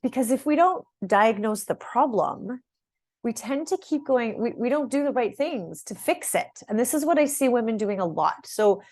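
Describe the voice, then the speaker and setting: A woman's voice: fairly high pitch, animated, normal speed, a little mellow. A middle-aged woman coaching her viewers on fitness, speaking in a loose, conversational way. She restarts phrases and keeps checking in with "right?" and "okay?" as she explains. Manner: conversational, repeats words, asks "right?" and "okay?" often. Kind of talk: direct-to-camera program overview.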